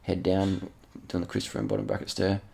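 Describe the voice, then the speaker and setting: Gravelly, deep man commentating. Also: moderate pace. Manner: excited, repetitive, swearing, slangy. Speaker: channel host. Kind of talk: casual commentary over race footage.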